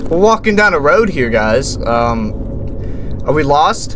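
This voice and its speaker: Young man, horror game commentary, high voice, very animated, jumpy, shouts at scares. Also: a little hiss or hum. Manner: reads on-screen text aloud in a low slow voice. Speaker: gaming YouTuber.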